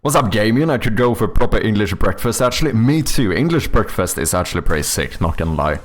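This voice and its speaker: A man's voice: lowish voice, animated, fast talker. A young man, chatting casually with viewers while making a game on stream, rambling and joking with casual swearing.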